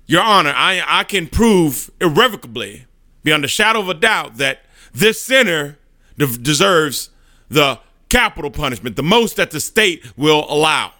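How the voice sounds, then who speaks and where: A man's voice: fairly high pitch, very animated, normal speed, sharp tone, dry recording, clean studio sound, pitched above the performer's own voice. A man voicing the devil as a scheming prosecutor in a courtroom, pressing his accusations with emphasis. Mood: accusing.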